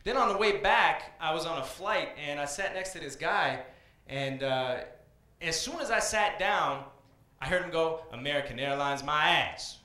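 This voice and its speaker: A man from Iran performing stand-up comedy on a small club stage, with an energetic, punchy delivery. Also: on the high side, unhurried. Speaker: comedian and open mic host. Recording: echoey club room.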